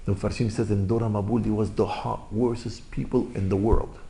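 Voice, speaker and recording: Gravelly man preaching in broken English. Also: on the low side, little pitch movement, fairly quick, dark tone. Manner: emphatic, repetitive, rhetorical questions, broken English. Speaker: religious teacher. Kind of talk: sermon.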